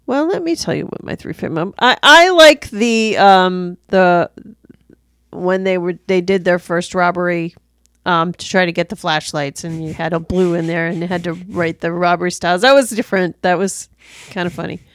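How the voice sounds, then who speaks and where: A woman co-hosting a casual movie review chat, talking in halting starts and laughing often. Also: fairly low pitch, fairly bright tone, no echo, clean studio sound. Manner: halting, lots of restarts and laughs. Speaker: podcast co-host.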